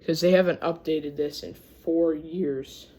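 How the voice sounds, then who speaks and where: Michigan accent, slow delivery, reads history aloud, trips over words, wanders into side chatter, casual video host. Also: medium pitch, steady tone, mellow, slight background noise. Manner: stumbles over words, gets sidetracked, chatty. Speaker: channel host.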